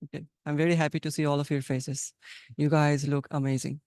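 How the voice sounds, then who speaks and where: Young Bangladeshi male host, high voice, dry close sound, encouraging and playful on a video call. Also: flat delivery, a little fast, a little mellow, clean tone, no echo. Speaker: English conversation practice host. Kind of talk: casual online class talk. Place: home, online webinar.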